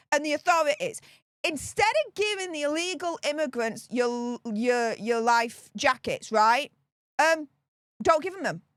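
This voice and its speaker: A woman with a Northern English accent delivers heated political commentary in a high voice. She rants with indignation and hammers home each point by repeating it. Her voice sounds close and dry, with no room echo. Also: fairly bright tone. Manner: indignant, ranting, repeats herself for emphasis.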